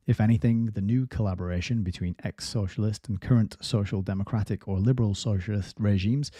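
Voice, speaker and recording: A man reads through a book at an even pace, with a few casual side remarks. His voice is very dark and a bit low. The sound is dry, with no room around it. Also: no room sound. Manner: steady reading with brief casual asides. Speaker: book reviewer reading aloud. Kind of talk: reading a book aloud with asides.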